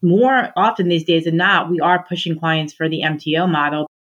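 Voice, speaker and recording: A woman's voice: sits low, normal speed, fairly bright tone, highs cut off. A woman in sales, thoughtfully answering questions on a podcast panel.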